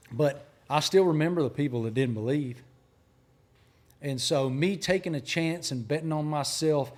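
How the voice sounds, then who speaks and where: A man from Appalachian Virginia with a Southern accent, a sports journalist telling stories with animated emphasis in an interview. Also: on the high side. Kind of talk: storytelling interview talk.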